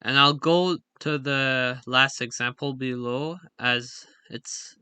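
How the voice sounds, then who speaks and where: A man's voice: mid-range voice, fairly even intonation, slow, bright, forceful tone, clean tone, dry recording. A young man giving a slide-based linguistics lesson, talking in a hesitant way with frequent fillers and self-corrections. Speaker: linguistics explainer. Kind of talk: slide lecture voice-over.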